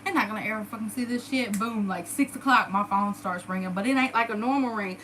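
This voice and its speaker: A woman in her thirties telling a personal story in a casual, animated and profane way. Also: mid-range voice, quick pace, slight background noise, poor audio. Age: 30s. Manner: animated, profane, dramatic retelling. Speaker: storyteller vlogger.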